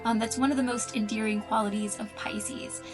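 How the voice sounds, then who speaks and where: A woman's voice: on the high side, fairly even intonation, normal speed, music in the background, low-quality recording. A woman talking in a casual, explaining way, earnest and thinking aloud with the odd "um". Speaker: astrology content creator.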